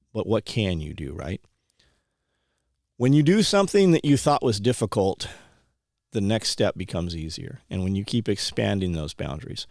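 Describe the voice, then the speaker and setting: A low, gravelly man's voice, recorded dry and close with no room sound. He talks casually and bluntly, like a homesteading host urging listeners to go buy land. His delivery is plain-spoken and preachy, and he means every word. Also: a little mellow, dry recording. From California, USA. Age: 30s or older. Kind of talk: casual motivational talk.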